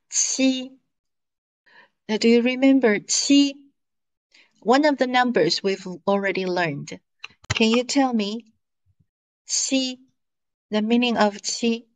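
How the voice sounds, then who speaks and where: A woman whose first language is Mandarin teaches an online Chinese lesson in English, drilling pronunciation patiently with many fillers. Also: a little high. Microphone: screen-shared video call.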